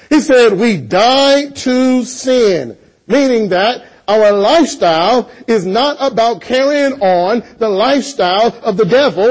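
A man's voice: sits high, poor audio. A man preaching a sermon in a church, reading scripture and addressing the congregation directly, with emphatic, swelling stresses. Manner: emphatic, rising to loud stressed passages.

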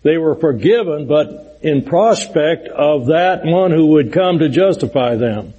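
In this lo-fi recording, a middle-aged preacher leads a sermon-style Bible lesson, his husky voice mellow and a little high. Animated yet unhurried, he explains earnestly and stresses the scripture he quotes.

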